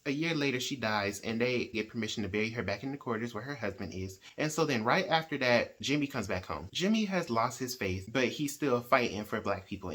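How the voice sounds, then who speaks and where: A man hosting a reading channel, casually retelling a novel's plot in a chatty, animated way and acting out the characters' lines. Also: mid-range voice, brisk, few pauses. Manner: animated storyteller who acts out quoted characters; conversational, with frequent "like" and "right?".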